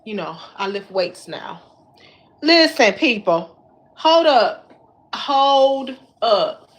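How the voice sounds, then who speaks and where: A woman hosts her own commentary, talking in a high voice full of slang. She is animated and exclamatory, circling back on the same words again and again as she talks straight to her viewers. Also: drawn-out words. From Detroit. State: slightly winded while lifting weights. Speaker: YouTube commentary host. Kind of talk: casual commentary chat.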